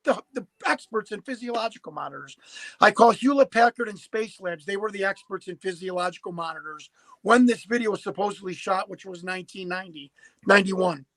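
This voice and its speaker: A man's voice: high voice, brisk, fairly bright tone, no echo, rough recording. A man in his fifties telling a story as a podcast guest, emphatic and prone to repeating and restarting words. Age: 50s. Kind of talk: animated storytelling.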